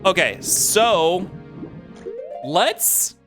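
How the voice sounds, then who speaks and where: A man casually commenting on his own gameplay as a streamer, excitable and talking to himself as he plays. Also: high voice, drawn-out words, music in the background. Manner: excitable, talks to himself while playing.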